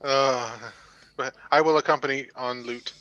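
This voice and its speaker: A man playing a tabletop game, giggly and excitable in casual banter. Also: medium pitch, a little slow, no echo. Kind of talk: casual banter between players. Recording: dry, dull lo-fi mic.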